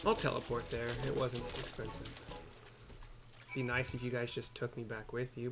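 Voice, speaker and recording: A man's voice: medium pitch, fairly quick, long pauses. Casual rambling gameplay narrator, man. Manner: rambling, self-correcting, casual. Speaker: game playthrough narrator. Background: game music.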